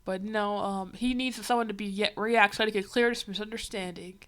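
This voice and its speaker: A woman's voice: medium pitch, fairly even intonation, normal speed. A woman livestreaming as she reads a comic, giving a rambling, wry running commentary full of fillers. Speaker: livestreamer reading a comic aloud.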